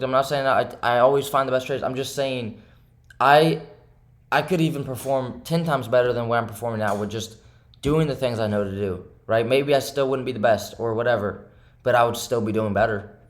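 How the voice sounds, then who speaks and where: After a rough trading day, this young man talks to the camera about his charts, venting his frustration as host of his own channel. His mid-range voice is fairly even in intonation and a little fast as he goes over the same ground, asks "right?" again and again, and shifts between anger and quiet.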